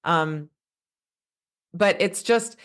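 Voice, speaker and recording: Fired up and passionate, a podcast guest in her thirties rambles through a casual conversation, frequently starting her sentences over. She has a lowish, fairly bright voice and draws out her words.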